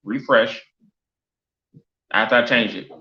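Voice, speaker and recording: A man's voice: medium pitch, slow pace, pushed and bright. A man streaming live, reacting to a football ranking in an exasperated, incredulous rant that keeps repeating itself. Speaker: sports streamer. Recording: roomy, dull lo-fi stream audio.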